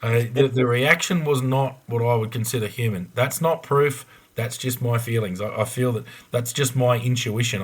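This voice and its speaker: On a podcast, an ex-police investigator from Australia recounts a case in a mid-range voice. His telling is frank and blunt, broken up by frequent ums and restarts.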